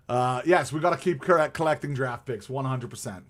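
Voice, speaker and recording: A man's voice: mid-range voice, brisk. A man hosting a live stream, chatting casually about hockey in a rambling way with many fillers and restarts.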